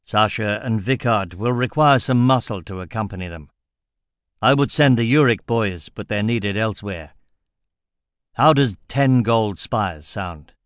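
A shrewd older merchant, calculating and measured, speaking slowly with a low, level voice, as a male narrator plays him. The reading is close and dry. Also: dry recording, close to an everyday voice. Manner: slow, deliberate.

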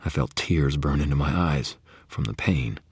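Very deep husky male narrator. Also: moderate pace, dry recording. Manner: grave, often dropping to a hushed whisper. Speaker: audiobook narrator. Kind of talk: first-person fiction narration.

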